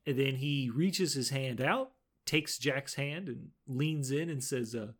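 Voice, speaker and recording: A man's voice: medium pitch, measured pace, hardly any pauses. A man co-hosting a podcast, casually recapping a show episode, laughing often and quoting the characters' lines. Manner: laid-back, laughs often, retells scenes with quoted lines. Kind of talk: casual chat.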